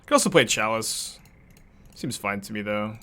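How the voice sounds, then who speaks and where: A man's voice: on the low side, expressive, normal speed, pushed and bright, slight background noise. A young man casually commenting on a card game as he plays, thinking aloud and laughing often.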